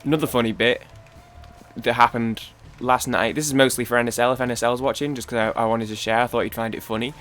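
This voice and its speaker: Fast-talking and a bit bright, his mid-range voice holds a steady tone with faint music in the background. He's a young gaming YouTuber with a Manchester accent who rambles while playing, breaks into his own sentences, swears, and drifts off mid-story.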